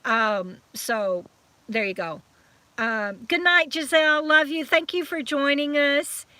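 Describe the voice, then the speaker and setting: Chatty high-voiced woman on a live stream. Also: slow pace, pushed and bright. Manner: chatty and affectionate, reading out viewer comments with many fillers. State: emotional, recently crying. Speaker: vlogger hosting a live chat. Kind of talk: casual live-stream sign-off chat.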